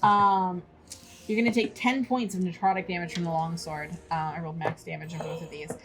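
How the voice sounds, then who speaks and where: A woman's voice: lowish voice, fairly even intonation. A woman acting as game master, calling dice results and damage with frequent ums and uhs. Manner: brisk rules calls with filler um and uh. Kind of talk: running a tabletop game live.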